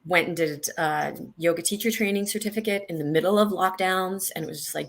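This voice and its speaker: Woman interview guest, low gravelly voice, halting and candid. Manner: halting, many restarts, animated when reliving moments. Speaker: guest, senior leader.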